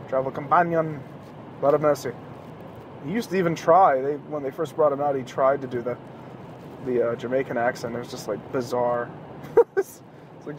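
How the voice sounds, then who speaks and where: A man in his thirties hosting a podcast, ranting casually and sarcastically with plenty of swearing, recorded in a car while driving home at night. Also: a little high. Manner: profane, rambling, sarcastic. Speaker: podcast host. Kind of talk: casual solo rant. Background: faint passing traffic.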